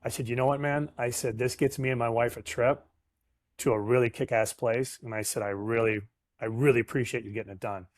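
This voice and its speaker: Brisk and medium-pitched, a middle-aged man speaks in a studio-quality, echo-free recording. As a sales professional guest in a casual interview, he tells animated stories, acts out the dialogue, and uses casual slang.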